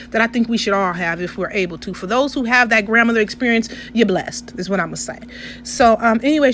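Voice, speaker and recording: A woman vlogger talks through a story in a chatty voiceover, often pausing to check in with her listeners. Her voice sits a little high. A faint steady hum runs underneath. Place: indoors, recorded separately from the restaurant footage.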